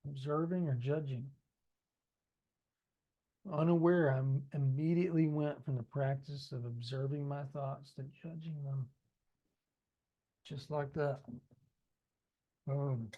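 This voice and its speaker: A man's voice: medium pitch, steady tone, takes it slowly, long pauses, highs cut off. A man reading his own book aloud in a conversational way, adding asides and speaking straight to listeners. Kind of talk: audiobook narration with ad-libbed asides.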